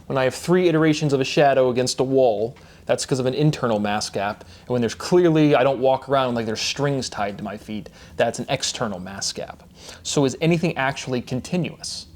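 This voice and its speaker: Guy lecturing off the cuff, rambly, asks himself stuff and answers, medium pitch. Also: fairly quick, darkish tone. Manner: rambling, asks himself questions and adds "right?" often. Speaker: independent lecturer. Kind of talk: unscripted lecture. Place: room with a notebook at hand.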